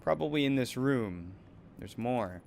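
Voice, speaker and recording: A man hosting a let's play, reading game text aloud in a calm, low-key way. His pitch is average for a man. A faint noise sits under his voice. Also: a little slow, gravelly.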